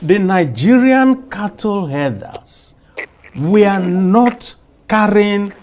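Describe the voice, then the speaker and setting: A man giving political commentary in an interview clip, speaking slowly and deliberately. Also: high-pitched, animated, darkish tone, a little hiss or hum.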